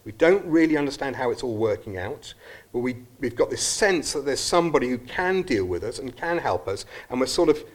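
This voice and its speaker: Animated earnest male preacher. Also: mid-range voice, brisk. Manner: earnest, reflective, with some restarts. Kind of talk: sermon. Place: church service.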